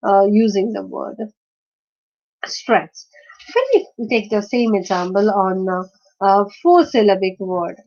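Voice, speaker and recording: A woman's voice: medium pitch, darkish tone, lo-fi sound. Hesitant woman teaching word stress. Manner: hesitant, many fillers, slowly sounds out example words. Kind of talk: explaining word stress in a lecture.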